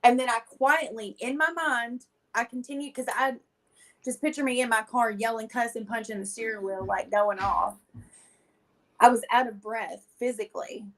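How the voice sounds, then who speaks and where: A woman with a somewhat high voice tells her own story as an interview guest. She talks bluntly and emotionally, full of casual slang. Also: moderate pace. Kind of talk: personal testimony in a conversational interview.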